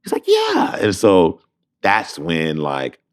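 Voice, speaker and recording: A young adult man from Detroit, a Broadway actor with a deep bass voice, telling a lively story as a guest and acting out both sides of the phone calls he describes. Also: takes it slowly. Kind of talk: animated storytelling in conversation.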